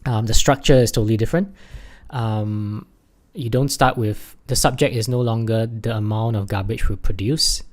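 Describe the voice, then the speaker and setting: A man teaching an English exam lesson over slides, halting often with fillers and restarts, and leaning hard on key words. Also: fairly low pitch, fairly even intonation. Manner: stresses key words by raising his voice.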